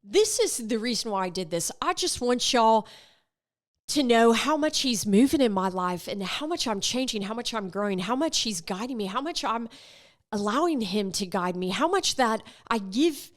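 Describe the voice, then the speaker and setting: Animated woman with a high voice. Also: moderate pace. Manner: animated, acts out remembered conversations. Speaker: podcast host. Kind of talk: casual faith podcast monologue.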